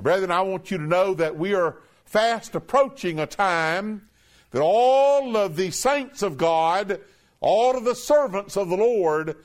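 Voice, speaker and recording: A man preaching a sermon to a congregation, calling them brethren and drawing out quoted scripture slowly. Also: sits high.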